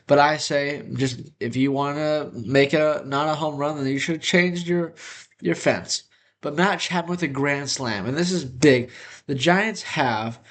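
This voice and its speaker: A young man hosting his own sports talk show, upbeat and energetic, sounding nasal from a congested nose. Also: a little high. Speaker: host.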